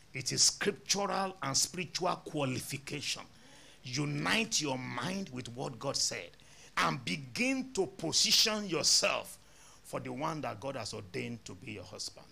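A man's voice: on the high side, gravelly, sharp tone, slightly rough. A male pastor, telling a story in a sermon and acting out both sides of the dialogue.

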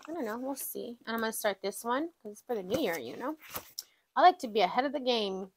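Excitable lady counting money at home, high-ish voice, keeps saying y'all. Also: fast talker, a little hiss or hum. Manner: excitable, exclaims often, says "y'all". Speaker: budgeting vlogger. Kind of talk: casual chat while counting cash.

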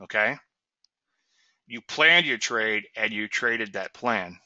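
A man's voice: lowish voice, lively intonation, slow, pushed and bright, no room sound, lo-fi sound. A man hosting a trading webinar, teaching in an emphatic, folksy way and often asking "okay?" and "so what?". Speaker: trading show host.

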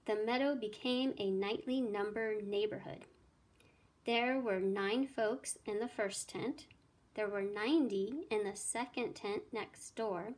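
A woman teacher reading a children's math story aloud with clear, expressive storytelling. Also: medium pitch.

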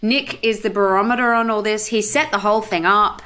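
A woman with an Australian accent, a guest on a podcast, telling a story in a chatty way with quick asides. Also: medium pitch, bright, forceful tone. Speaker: actor guest. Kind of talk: casual podcast chat.

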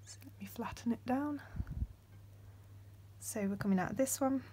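Frequent ums mark this step-by-step beading tutorial, hosted by a young woman whose soft voice often drops to a whisper. Her pitch is fairly high, she speaks at normal speed, and a little hiss or hum can be heard.

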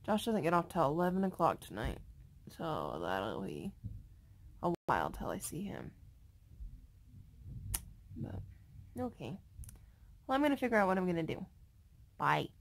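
A tired young woman rambling casually to her phone camera in a vlog, sleepy and unhurried. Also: fairly low pitch, huge pitch swings, creaky, slight background noise. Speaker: vlogger. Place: car, bed, then walking outdoors at night.

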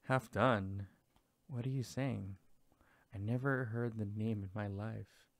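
A good-natured, trusting female mouse from a fairy tale, asking earnest, puzzled questions, read by a man. The voice is low and gravelly and stays fairly flat. The recording is close and dry. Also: unhurried, no echo.

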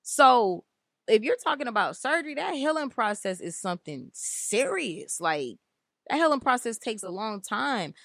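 A woman's voice: on the high side, very animated, normal speed, fairly bright tone, no room sound, clean studio sound. A woman hosting an inspirational spiritual talk, speaking in an emphatic, repetitive, conversational way. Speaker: spiritual channel host.

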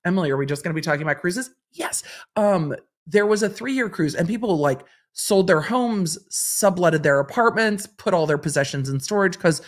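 A woman in her forties from Los Angeles hosting a casual livestream, chatting and reading viewer comments, often repeating phrases for effect. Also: medium pitch. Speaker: host and lawyer commentator.

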